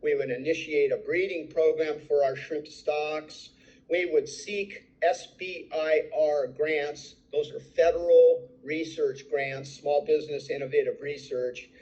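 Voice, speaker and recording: A man's voice: on the high side, fairly even intonation, a little slow, darkish tone, dull audio. An older man presenting his entrepreneur story, telling it eagerly and acting out the dialogue he quotes. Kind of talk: recorded slide presentation.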